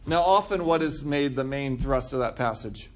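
A man preaches a conversational sermon at medium pitch and normal speed, his intonation lively. He's a pastor with a casual manner, putting questions to the congregation and answering them himself.

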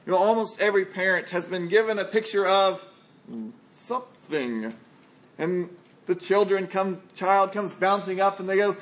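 A man's voice: high-pitched, normal speed. A man preaching a sermon as a pastor. He speaks in a conversational, emphatic way and asks rhetorical questions.

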